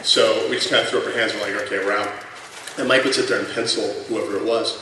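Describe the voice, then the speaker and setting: A man's voice: on the low side, steady tone, fast. A man in his thirties sharing anecdotes as a former colleague at a tribute panel, chatty and full of fillers. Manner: chatty, lots of fillers, laughs through the punchlines. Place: large convention hall. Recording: echoey hall from far off, noisy room.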